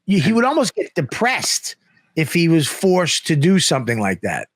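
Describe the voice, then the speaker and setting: A man's voice: fairly high pitch, moderate pace, no room sound, studio quality. A man telling a casual, profane story, acting out the people he quotes. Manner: profane, animated, acts out quotes. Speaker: guest comedian.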